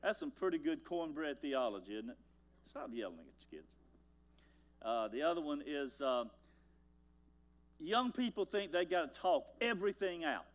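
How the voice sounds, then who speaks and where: A man's voice: on the high side, expressive, moderate pace, muffled recording. Folksy older male pastor preaching. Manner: folksy storytelling, swings from loud to hushed. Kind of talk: sermon.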